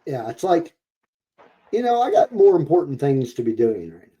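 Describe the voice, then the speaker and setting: A man's voice: medium pitch, very animated, moderate pace, mellow, breathy edge. A man co-hosting a podcast, chiming in with laid-back, chuckling interjections in casual chat. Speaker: podcast co-host. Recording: dull lo-fi podcast audio.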